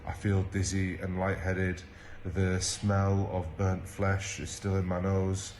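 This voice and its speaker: An exhausted man speaks in a very low, flat voice. He talks haltingly, breaking up his account with pauses and ums. A faint hiss runs under the clip. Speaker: medic. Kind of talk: recorded video account.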